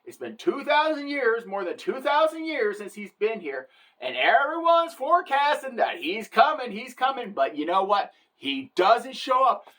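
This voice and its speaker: A woman's voice: fairly high pitch, big pitch swings, normal speed, a bit bright. A woman giving an irreverent, wisecracking satirical comedy monologue, bragging and joking about the church.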